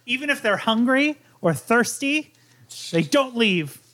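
Playful high-voiced man at a game table. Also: animated, a little slow, bright, forceful tone. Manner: playful, joking. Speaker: player. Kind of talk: casual tabletop game chat.

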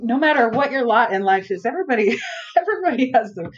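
A woman's voice: a little high, lively intonation, fast. Woman guest in a podcast interview, earnest and reflective, slightly dull recording. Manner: earnest, reflective, searching for words. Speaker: outreach worker and guest. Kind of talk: conversational interview.

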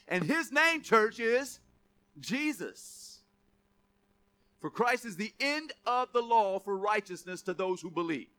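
A man's voice: high voice, pushed and bright. A man preaching a sermon, conversational and then emphatic, calling on the church to repeat key words. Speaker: pastor.

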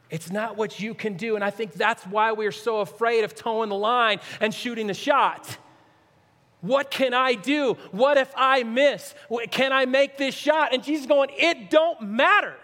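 A male pastor preaching a sermon with earnestness, swinging from near-shouts to hushed, low asides. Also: fairly even intonation, unhurried. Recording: long reverb, echoey hall.

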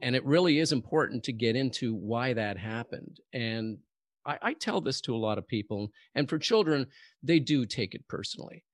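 A man's voice: mid-range voice, animated, normal speed, no room sound, clean studio sound. A man hosting an interview, speaking reflectively and correcting his own phrasing as he goes. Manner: reflective, rephrases himself mid-sentence. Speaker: interview host. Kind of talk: casual interview chat.

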